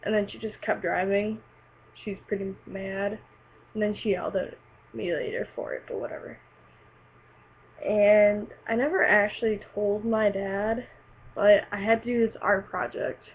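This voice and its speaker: A woman's voice: medium pitch, steady tone, unhurried, slightly rough. A teenage girl telling a personal story in a casual, rambling way, full of fillers and likes. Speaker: vlogger. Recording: tinny lo-fi webcam audio with faint hiss.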